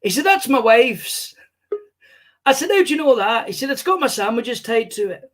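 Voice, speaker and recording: A man's voice: extremely high pitch, big pitch swings, moderate pace, pitched above the performer's own voice. A man doing an impression of a famous older Scottish comedian, telling rambling, sweary anecdotes in a Scottish accent. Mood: storytelling. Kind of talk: stand-up impression, storytelling.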